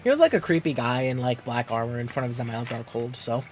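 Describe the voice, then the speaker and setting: A man streaming an online game, chatting casually and haltingly with his co-player. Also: mid-range voice, animated, noisy background. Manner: laid-back, halting, with frequent fillers. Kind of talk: casual chat while gaming.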